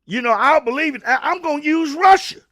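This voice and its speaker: Guy ranting on his show, real high voice, sharp and bright, stammers a lot. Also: animated, a little fast. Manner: fiery, preachy, repeats and stammers, Southern US slang. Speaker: host of a commentary show. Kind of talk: opinion rant to camera.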